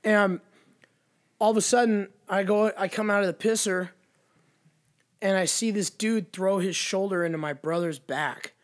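A man telling a bar story in a casual chat, profane, animated and emphatic. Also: high-pitched, moderate pace, pauses often.

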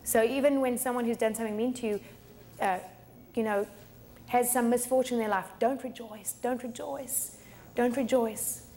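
A woman's voice: fairly high pitch, fairly even intonation, brisk, warm tone, slight background noise. A middle-aged woman pastor preaching a sermon in a chatty way, often laughing and repeating words. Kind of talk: sermon teaching.

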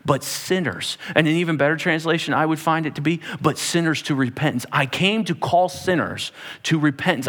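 A man preaching a sermon to a room, retelling scripture in a dramatic, animated way and acting out the people in it. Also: a little high. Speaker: pastor. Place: church hall.

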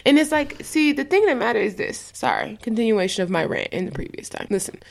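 A woman's voice: fairly high pitch, expressive, fairly quick, gravelly. Heated, profane woman podcast co-host. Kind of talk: ranting casual podcast talk.

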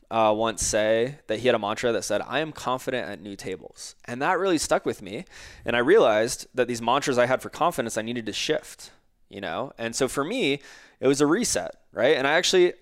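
A man talking as a guest in a casual podcast conversation, reflective and relaxed, often adding "right?". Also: medium pitch. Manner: reflective, relaxed, uses tag questions.

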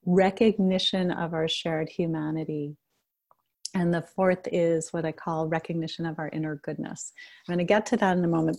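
A middle-aged woman leading a guided meditation and talk on self-compassion, speaking gently and unhurriedly. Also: deep voice, creaky. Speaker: meditation teacher.

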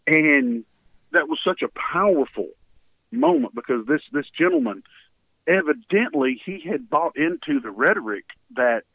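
Gravelly Texan man on a phone line. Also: fairly high pitch, wildly swooping pitch, unhurried, no room sound. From Texas. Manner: earnest storyteller, voices his quotes with feeling. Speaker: guest. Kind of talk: telling a story in a radio interview. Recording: dry, tinny phone line.

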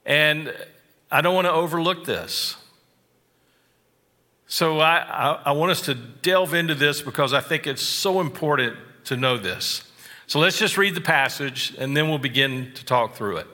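Slow, bright-voiced male preacher in a hall. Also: on the high side. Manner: slow, deliberate delivery with stressed phrases and asides. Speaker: pastor. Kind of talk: sermon.

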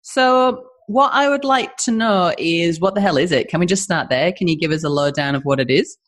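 A woman hosts a podcast in a relaxed, chatty way, upbeat and quick with her fillers. Her voice sits slightly low for a woman. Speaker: podcast host. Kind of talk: casual podcast chat.

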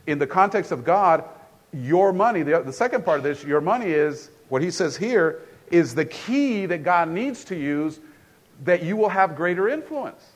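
A man preaching a sermon in a church in a casual, conversational way, often repeating and restarting phrases. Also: a little high. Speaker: pastor.

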